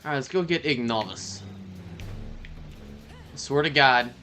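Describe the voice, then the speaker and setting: A man's voice: mid-range voice, expressive, a little slow, pushed and bright, soft background music. A man casually chatting on his live stream as he plays a shooter, loose and profane, rambling and talking to his cat. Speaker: gaming streamer. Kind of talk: casual live-stream chat while playing.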